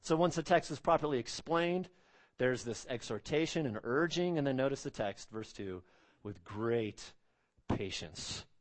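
A man's voice: medium pitch, animated, normal speed. A man preaching an expository sermon, emphatic, repeating phrases and asking rhetorical questions.

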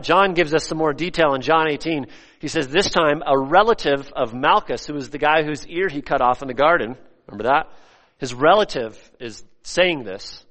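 A man preaching a sermon, animated and acting out the voices he quotes, recorded in a church. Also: a little high. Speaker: pastor. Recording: long hall reverb.

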